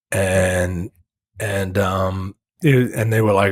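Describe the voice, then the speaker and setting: A man's voice: fairly low pitch, fairly even intonation, slow, no room sound, clean studio sound. A man co-hosting a casual movie review chat, retelling scenes with profane jokes and acting out the characters' lines. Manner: profane, joking. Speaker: podcast co-host.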